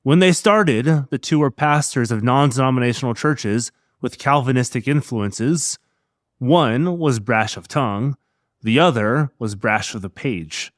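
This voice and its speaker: A man host narrating a scripted podcast episode in a measured, pointed way. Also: mid-range voice, dry recording, studio quality.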